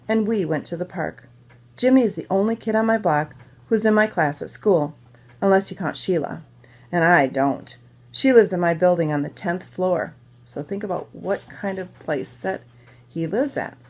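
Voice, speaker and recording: A woman teacher reading a children's novel aloud to her students, pausing to explain words and ask questions. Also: on the low side. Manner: pauses to explain to listeners.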